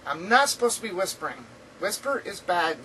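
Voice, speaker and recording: A woman's voice: on the low side, big pitch swings, fairly quick, sharp tone, recorded from a distance, slight background noise, rough recording. A woman chatting casually in a rambling video diary from home, laughing often, her throat dry and sore. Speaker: vlogger. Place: indoors at home.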